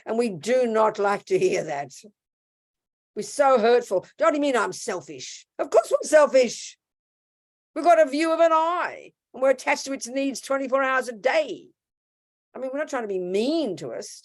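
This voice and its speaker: A woman giving a casual, blunt Buddhist teaching, acting out quoted voices along the way. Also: medium pitch. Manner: animated, acts out quoted voices; blunt and informal. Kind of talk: casual dharma talk.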